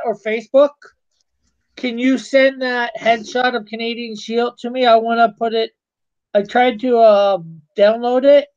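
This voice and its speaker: Man, live-stream host, slow delivery, rambling, reads chat aloud, trips over words, dull lo-fi audio. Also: very high-pitched, clear, resonant tone.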